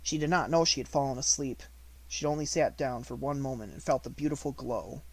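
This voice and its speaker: A man reading a classic novel aloud as an audiobook, with measured, expressive storytelling. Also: medium pitch, husky, no room sound. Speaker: audiobook reader.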